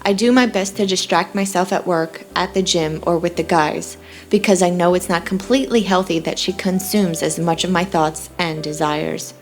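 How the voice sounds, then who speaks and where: A lovesick young man telling his story in first person, read by a woman in an audiobook. He sounds wry and a little defensive, and the voice sits low. Faint music plays behind. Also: moderate pace, natural voice.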